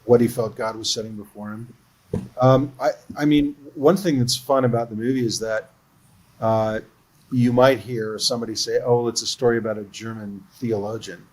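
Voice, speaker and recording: This is a man with a voice of ordinary, mid-range pitch, speaking as a film producer on a livestream. He tells behind-the-scenes stories in an earnest, conversational way. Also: steady tone, moderate pace, rough recording. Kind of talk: livestream interview.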